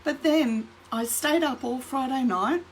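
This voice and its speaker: A woman's voice: high voice, unhurried, slight background noise, rough recording. A middle-aged woman talking candidly to camera about her own recovery from trauma. She tells it as a story, acts out her own inner voice and laughs often. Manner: frequent light laughter. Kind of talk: personal talk to camera.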